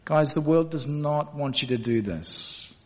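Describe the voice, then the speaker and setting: A man's voice: a little high, animated, unhurried, a little mellow. A man preaching a sermon in a church, earnest and direct with his congregation. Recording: echoey church hall.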